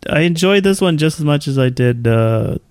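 A man's voice: fairly high pitch, expressive, normal speed, clear, resonant tone, dry recording. A man reviews a movie in loose, rambling podcast chat and pokes fun at himself. He is recorded close and dry. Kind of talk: casual chat.

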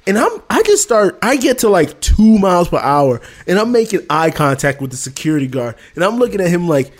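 A man's voice: high-pitched, sing-song, brisk. A man telling a story in casual chat, acting out the dialogue with exasperated outbursts.

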